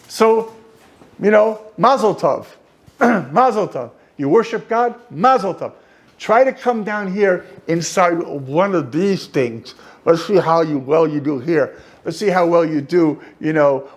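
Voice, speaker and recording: A man teaching an informal class as a rabbi, an animated storyteller who jokes and goes off on asides. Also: fairly high pitch. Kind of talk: informal lecture. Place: study hall.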